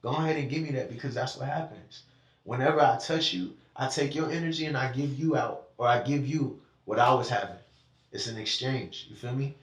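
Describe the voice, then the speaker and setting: An emotional, animated man talks openly in a casual conversation, swearing freely and speaking in bursts. His mid-range voice sits some distance from the mic. It carries a roomy echo. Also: mid-range voice, a little fast. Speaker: podcast conversation participant. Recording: echoey room, mic at a distance.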